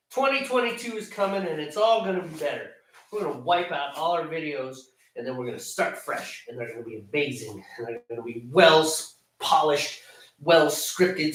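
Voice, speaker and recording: Male vlog host, bright sarcastic grumbler, lively pitch; recorded off mic in a roomy garage. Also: far from the mic. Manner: grumbling, sarcastic, talking to himself. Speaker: home brewer, channel host. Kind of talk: casual vlog chat. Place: cold garage.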